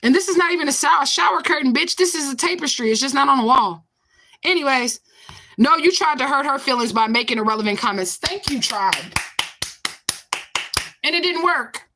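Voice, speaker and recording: A woman's voice: sits high, fairly quick, pushed and bright. A woman in her forties in a confrontational, profane vlog rant, answering a commenter with repeated questions. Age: 40s. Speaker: vlogger. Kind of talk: ranting to camera.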